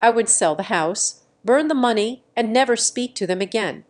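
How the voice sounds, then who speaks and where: A woman reading a first-person revenge story as scripted narration, in an even, measured way. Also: fairly high pitch.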